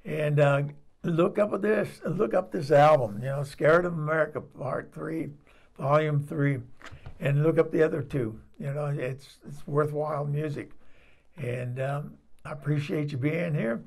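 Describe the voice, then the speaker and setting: Older man, channel host, rambling folksy talk, gravelly, husky, slightly high voice. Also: a little slow. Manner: rambling, folksy, clears throat often. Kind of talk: casual spoken outro.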